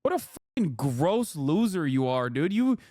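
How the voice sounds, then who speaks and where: Angry high-voiced man ranting. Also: sing-song, dark tone, dry recording, studio quality. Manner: angry, profane ranting, fast and emphatic. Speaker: streamer. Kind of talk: live-stream commentary, reacting to posts.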